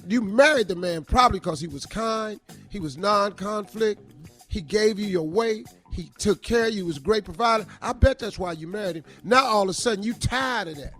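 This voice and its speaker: A man's voice: sits high, fairly quick, fairly bright tone, soft background music. A male radio host giving blunt, emphatic advice on a morning show.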